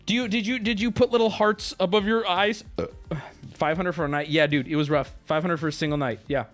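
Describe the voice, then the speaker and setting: A man's voice: high voice, fairly even intonation, brisk, a bit bright, soft background music. A man streaming live, telling stories and ranting at his chat in a profane, stammering, riled-up way. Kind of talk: casual livestream rant.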